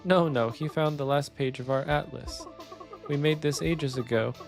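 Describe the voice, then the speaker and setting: A man's voice: on the high side, normal speed, vocal fry, soft background music. A man voicing a teasing young woodland woman. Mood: fond. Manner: teasing, friendly, read aloud from game text. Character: playful young woman living in the woods.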